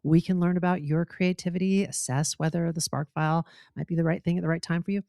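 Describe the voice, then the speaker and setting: A woman's voice: lowish voice, fairly even intonation, quick pace, warm tone, no echo. Reflective woman podcaster, dry close sound. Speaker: podcast co-host. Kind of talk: casual podcast chat.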